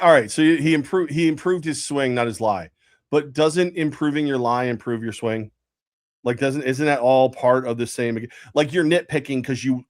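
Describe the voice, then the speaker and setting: A middle-aged man co-hosting a sports talk show, telling stories in an animated, ranting way that breaks into shouts. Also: mid-range voice, no echo. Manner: animated storyteller, rants with shouted outbursts. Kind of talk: casual sports radio chat.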